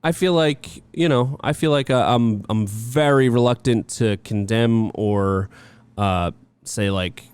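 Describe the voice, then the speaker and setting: A man co-hosting a casual podcast, his voice clean and smooth at an everyday pitch. He rambles and restarts with lots of fillers and slips into sarcastic jokes. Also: takes it slowly, a little mellow, dry recording. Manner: joking, sarcastic. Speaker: podcast co-host. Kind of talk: casual chat.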